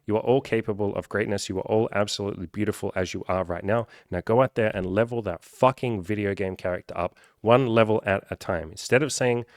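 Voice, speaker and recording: A man with a fairly low voice talks straight to the camera as a coach. His delivery is animated and profane, and he slips into quick put-on voices of the people he describes. The sound is dry and close, with no room echo. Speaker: self-improvement coach. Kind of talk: casual direct-to-camera vlog.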